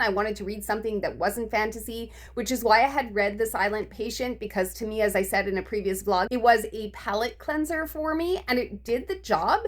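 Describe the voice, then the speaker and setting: A woman's voice: fairly high pitch, a bit bright. Exasperated woman ranting about books. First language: English. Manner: frustrated, venting, profane, laughs between complaints. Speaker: book vlogger. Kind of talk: casual vlog rant.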